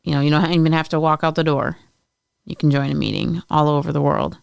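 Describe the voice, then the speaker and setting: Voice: mid-range voice, fast, vocal fry, smooth, no room sound, studio quality. A podcast co-host talking in a supportive, conversational way. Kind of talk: casual chat.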